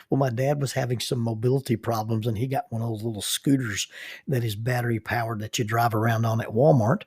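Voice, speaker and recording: Middle-aged man, husky, dry close sound, humorous folksy storytelling, podcast host. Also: mid-range voice, fairly even intonation, fairly quick, a little mellow, no room sound.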